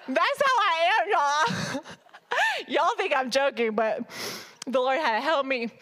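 Woman preacher, high voice, lively and funny, talks right at the room. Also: a little slow. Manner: animated, humorous, talks to the congregation directly. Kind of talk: sermon.

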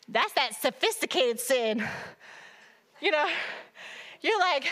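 Woman preacher, high voice, lively and funny, talks right at the room. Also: slow, long pauses. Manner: animated, humorous, talks to the congregation directly. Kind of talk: sermon.

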